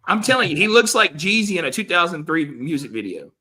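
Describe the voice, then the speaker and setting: A man tosses out jokes in loose banter with his co-hosts. His voice is bright and sharp, with a slightly raised pitch. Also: sing-song, fast. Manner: joking, playful banter. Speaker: podcast co-host. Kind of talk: casual chat.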